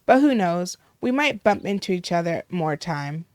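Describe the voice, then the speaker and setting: A woman reading an aloof, impatient village woman from a game, cool and measured. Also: fairly low pitch, big pitch swings, a little mellow, no echo.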